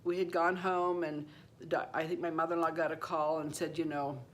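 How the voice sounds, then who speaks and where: A woman's voice: deep voice, flat delivery, brisk, slight background noise. A woman in her seventies hosting her own channel, telling a true personal story in a loose, rambling way that keeps circling back with "anyway" and "you know.". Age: 70s. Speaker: channel host. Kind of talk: personal story told to camera.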